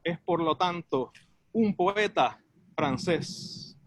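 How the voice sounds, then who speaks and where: A man with a high-pitched voice improvises a bilingual poem at home and speaks into a phone as he walks around. He goes slowly and pauses often. He translates each line himself right after saying it. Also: lively intonation. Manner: switches back and forth between two languages line by line, self-translating; halting, drawn-out phrasing with pauses and fillers. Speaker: poet. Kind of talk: improvised bilingual poetry reading. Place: at home, walking around the house.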